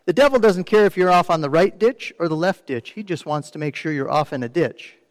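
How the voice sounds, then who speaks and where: A man's voice: fairly high pitch, a little fast, dry recording, in a large hall. A man preaching a sermon in a conversational way, often asking the congregation questions and mimicking complainers. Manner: mimics complainers in quoted asides. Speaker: pastor.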